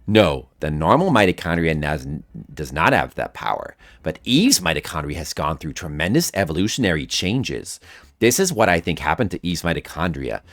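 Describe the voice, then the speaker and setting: A man putting on a nerdy, wordy scientist from a video game, who explains cells in an earnest, rapid rush. The voice sits higher and swings widely in pitch. It is recorded in a dry space with faint music underneath. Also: sing-song, fairly bright tone, no room sound, heavily acted. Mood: explaining. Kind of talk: reading game dialogue aloud in voices.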